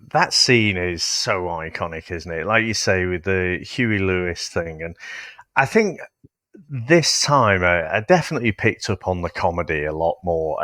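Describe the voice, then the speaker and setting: A man's voice: sits low, fairly bright tone, dry recording, clean studio sound. A man co-hosting a podcast, chatting reflectively about a film, with hesitant restarts and some swearing. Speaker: podcast co-host. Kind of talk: casual film-review chat.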